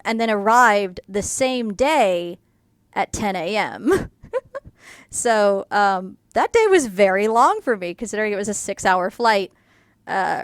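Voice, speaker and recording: Chatty woman with a smooth voice. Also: medium pitch, no echo, clean studio sound. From United States. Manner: chatty, rambling with many fillers, laughs through the telling. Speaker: artist vlogger. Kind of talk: casual storytelling.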